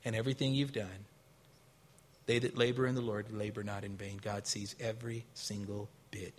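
A male pastor preaching a sermon, telling stories with acted-out quotes, rising to loud, high bursts and dropping to quiet, low stretches. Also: flat delivery, normal speed, a little hiss or hum. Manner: storytelling with acted quotes and a casual, folksy delivery.

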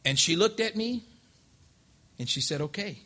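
Bright-voiced man preaching a folksy testimony. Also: high voice, animated, moderate pace. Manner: folksy storytelling, acts out past dialogue. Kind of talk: informal testimony sermon. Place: church sanctuary.

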